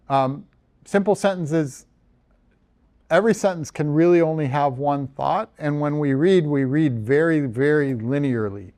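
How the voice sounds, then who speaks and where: A man's voice: mid-range voice, a little mellow. A man from the United States, a journal editor, giving a conversational lecture over slides with frequent ums and restarts. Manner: conversational, self-deprecating, many ums and restarts.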